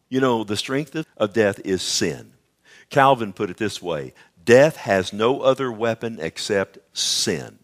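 Emphatic preacher, fairly low voice. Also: male voice. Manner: emphatic, swinging from hushed to loud bursts; conversational asides to the congregation. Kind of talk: sermon.

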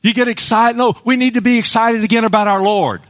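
A middle-aged man preaching a passionate sermon, swinging between hushed, intimate moments and loud, rousing ones. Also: extremely high pitch, steady tone, a little fast. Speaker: pastor.

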